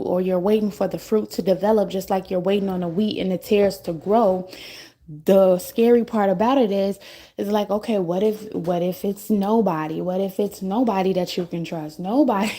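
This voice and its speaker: A woman's voice: mid-range voice, mellow. A woman hosting a casual spiritual livestream, thinking aloud in a musing, repetitive way and often checking in with "okay?" and "right?". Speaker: livestream host giving spiritual messages.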